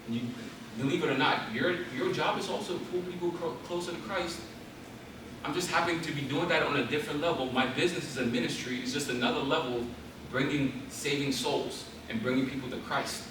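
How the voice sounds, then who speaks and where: Recorded from a distance in a very echoey hall with background noise, a young man's voice sits on the high side and moves fairly quickly, off-mic. As guest speaker, he delivers a fervent Christian talk that builds to emphatic exhortations for the audience.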